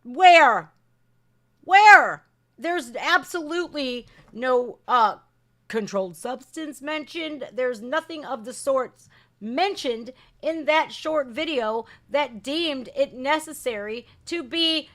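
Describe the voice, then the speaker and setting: A woman hosts a live reaction stream, ranting indignantly in heated commentary with swearing and rhetorical questions. Her voice is high, animated, bright and forceful, and she speaks at a slow pace.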